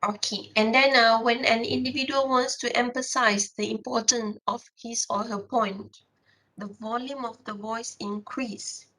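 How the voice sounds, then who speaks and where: A woman lecturing a class in a slightly high voice, taking her time over each point. She explains carefully, filling gaps with frequent pauses and restarting her sentences as she goes. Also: steady tone, bright, forceful tone, poor audio.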